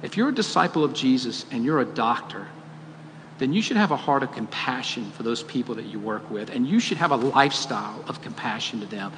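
Earnest preacher in a reverberant hall. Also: male voice, mid-range voice, animated, brisk, a bit bright, slight background noise. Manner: earnest, asks the audience questions, rises to emphatic peaks. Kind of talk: sermon. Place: church auditorium. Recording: long hall reverb, faint ambience.

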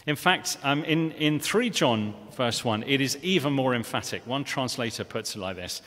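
A man's voice: mid-range voice, expressive, normal speed, hardly any pauses, fairly bright tone. A man preaching a sermon in a church, earnest and conversational, often restarting phrases and asking the congregation questions. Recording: long reverb of a church hall.

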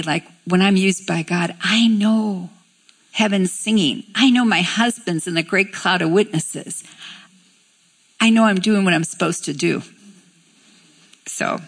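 A woman's voice: lowish voice, husky. A woman sharing a personal testimony in church, speaking earnestly and from a distance to the mic.

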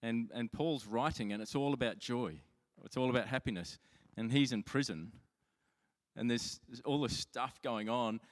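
Chatty pastor in a reverberant hall. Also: male voice, medium pitch, moderate pace. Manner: chatty, self-mocking storytelling with many restarts. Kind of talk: sermon.

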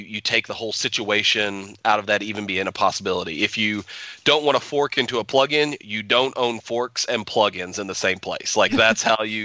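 A man who brews beer, explaining things step by step on a podcast with plenty of "like" and "um". His voice is low, with a bright, forceful edge. It is recorded dry and close, with no room sound. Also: dry recording. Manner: methodical, explains step by step with fillers. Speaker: brewer and podcast co-host. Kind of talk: casual podcast chat.

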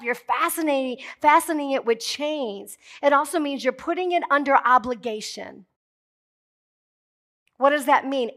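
A woman pastor with a high voice delivers a sermon. She speaks emphatically and builds to forceful declarations, breaking off now and then for jokey asides to her congregation.

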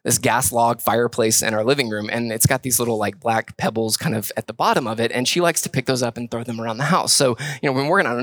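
A man's voice: mid-range voice, fast, few pauses, dry recording. A man in his thirties preaching a sermon as a pastor, talking in a loose, conversational way with lots of restarts and repeated words. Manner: conversational, animated storytelling with quoted voices.

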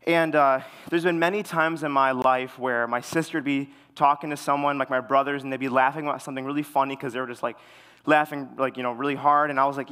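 A young man giving a sermon in a relaxed way, full of fillers, telling stories with animation. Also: mid-range voice, fairly quick. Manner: relaxed, filler-heavy storytelling; animated when retelling stories. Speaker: preacher. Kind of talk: casual sermon.

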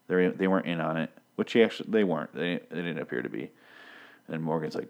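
A man with a low voice recaps a TV episode in loose, rambling chat. He swears freely and keeps stopping to hunt for names. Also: fast talker, gravelly. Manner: profane, rambling, loses track of names.

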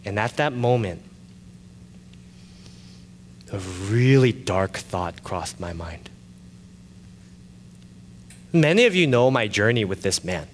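A male pastor telling a personal story in a sermon, animated and shifting from loud excited retelling to quiet confession. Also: on the low side, a little slow, long pauses, long reverb tail, a little hiss or hum.

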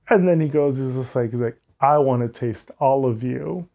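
A young man with a mellow, dark-toned voice tells a candid story about his own life. He talks frankly and breaks into laughs, and he fills his talk with "like". His pitch sits in the middle range. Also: moderate pace, hardly any pauses. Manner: frank, laughing, says "like" often. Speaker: guest.

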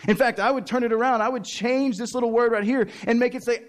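High-voiced, animated male preacher. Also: fast, hardly any pauses. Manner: animated storytelling, acts out voices, chuckles often. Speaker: pastor. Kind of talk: sermon.

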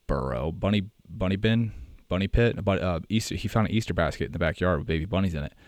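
Deep-voiced American man rambling casually. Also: darkish tone, dry recording. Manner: rambling, self-correcting, chatty. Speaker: podcast host. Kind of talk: casual monologue.

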